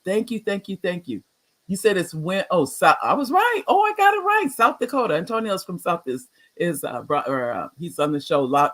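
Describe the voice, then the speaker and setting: A talkative older man in his sixties hosts his own live online show, his voice sitting a little higher than most men's. He rambles warmly through announcements and shout-outs, often restarting sentences. His voice jumps up with excitement when he greets someone. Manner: chatty and rambling, greets viewers by name with excited upswings. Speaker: talk show host. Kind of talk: livestream talk show chat.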